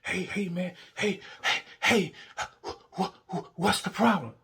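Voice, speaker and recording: Man playing lazy partner cop, higher voice, indignant and stammering. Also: unhurried, a bit bright. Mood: defensive. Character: defensive, lazy male police partner.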